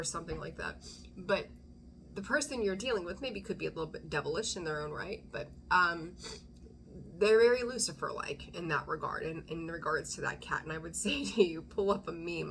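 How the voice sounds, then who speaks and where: Casting note: a woman tarot reader with a lowish voice, digressive and chatty, slipping into whispers. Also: fairly bright tone, slight background noise. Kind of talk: casual intuitive tarot reading.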